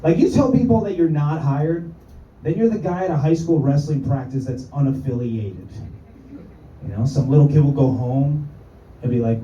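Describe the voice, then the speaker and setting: A man with a warm, mid-range voice at moderate pace performs a stand-up set, crude and self-mocking with rambling asides. The recording sounds dull and echoey, captured far from the mic.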